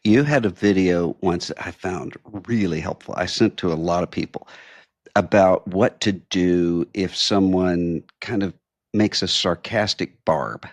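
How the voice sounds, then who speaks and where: A very deep, gravelly male host asks questions in a thoughtful, halting way, often repeating words. The sound is dry and close to the mic, with no room echo. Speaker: podcast host. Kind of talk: podcast interview, asking questions.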